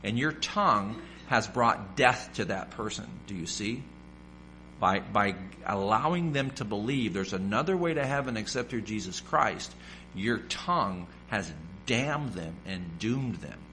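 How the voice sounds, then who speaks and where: A man's voice: on the low side, lively intonation, unhurried, bright, forceful tone, a little hiss or hum, low-quality recording. A man preaching a sermon, asking the congregation questions and acting out the voices of people in his stories. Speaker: pastor.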